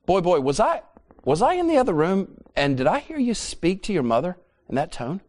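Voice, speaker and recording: A stern older father calling out his son in a demanding tone, as a preacher puts him on, pitched well above the speaker's usual voice. He presses each question hard. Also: sing-song, moderate pace, darkish tone. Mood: stern scolding.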